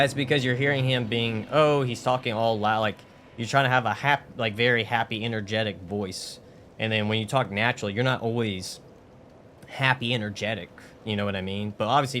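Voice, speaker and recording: A man's voice: on the low side, bright, forceful tone, slight background noise. A man streaming a game, chatting casually in a rambling way with many fillers and restarts. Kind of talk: casual chat while gaming.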